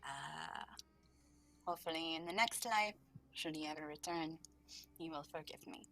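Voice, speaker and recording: A woman voicing a composed, sorrowful female prisoner in a tabletop game, speaking in a hushed, conspiratorial way. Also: medium pitch, a little slow.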